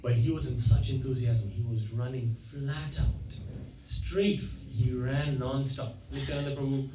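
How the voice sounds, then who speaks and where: A man's voice: mid-range voice, fairly even intonation, a little slow, background noise. A man giving a devotional lecture at a temple. He tells stories conversationally, acts out the quoted dialogue, and often corrects himself mid-sentence. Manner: conversational, with frequent self-corrections. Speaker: guest speaker at a temple. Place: temple hall. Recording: echoey, distant, dull-sounding hall recording.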